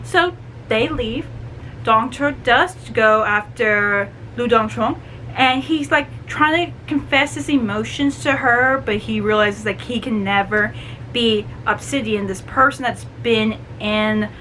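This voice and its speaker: A woman chatting through a book review, animated and full of "like" and "you know". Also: a little high, takes it slowly, slight background noise, poor audio. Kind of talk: casual book review vlog.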